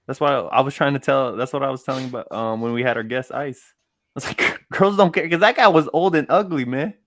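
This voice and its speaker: A man's voice: mid-range voice, fairly quick, fairly bright tone, no room sound. A young man co-hosting a casual comedy podcast who teases and jokes. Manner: joking, teasing interjections. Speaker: podcast co-host.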